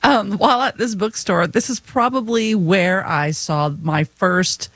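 A woman co-hosting a podcast, telling stories about herself in a lively way with fillers. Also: medium pitch, a little slow, no room sound. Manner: lively storytelling with laughs and fillers. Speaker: podcast co-host. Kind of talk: casual chat.

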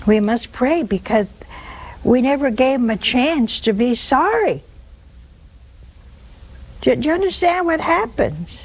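Slow, earnest older woman giving spiritual counsel. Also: sits high, very animated, poor audio. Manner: earnest, repeats words and phrases for emphasis. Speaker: religious call-in show host. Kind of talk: spiritual counsel on a call-in show.

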